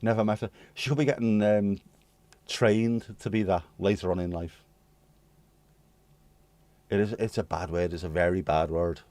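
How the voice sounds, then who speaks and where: Deep-voiced British man rambling to chat. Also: steady tone, unhurried, long pauses, a little mellow, no room sound. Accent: British English. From United Kingdom. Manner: rambling, cheeky, swearing jokes, reads and answers chat. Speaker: livestream host. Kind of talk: casual chat to live chat readers.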